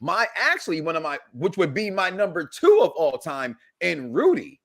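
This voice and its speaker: A man's voice: on the high side, very animated, normal speed, a bit bright. A man in his forties hosting a casual podcast chat, rambling and laughing often. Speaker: host.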